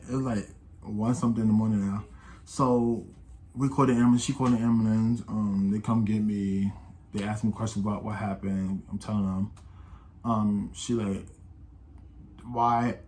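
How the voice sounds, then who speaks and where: A young man of about eighteen recounts a story in loose, slangy talk, stumbling over restarts and acting out what others said. His voice sits at an ordinary middle pitch. A faint room hum runs underneath. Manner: rambling, slangy, with many restarts and acted-out quotes. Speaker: vlogger. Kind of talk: casual storytime.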